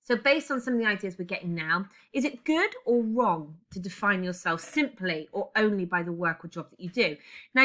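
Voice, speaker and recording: A woman's voice: medium pitch, a bit bright. A woman English teacher recording a lesson, guiding students step by step with reflective questions.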